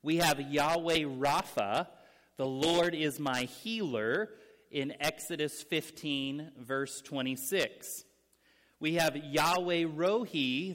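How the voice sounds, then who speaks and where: A man's voice: on the high side, slow, fairly bright tone. A man preaching a teaching sermon to a church congregation, earnest and explanatory, stretching key phrases for emphasis. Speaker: pastor. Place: church sanctuary with young people present. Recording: long hall reverb.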